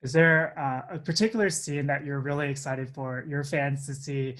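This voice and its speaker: A male interviewer with a mid-range voice. He asks his questions in a steady, upbeat way. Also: mid-range voice, moderate pace.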